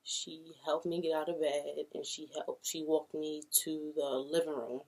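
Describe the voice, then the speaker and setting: Speaking at a measured pace in a low, level voice with a darkish tone, this young Brooklyn vlogger shares a personal story to camera. She keeps it casual and voices the people she quotes.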